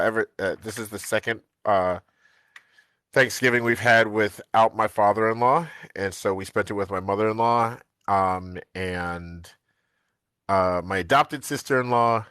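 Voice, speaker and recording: A man from the United States chatting casually on a live stream as co-host, telling animated family stories and laughing often. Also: lowish voice, clear, resonant tone, dry recording.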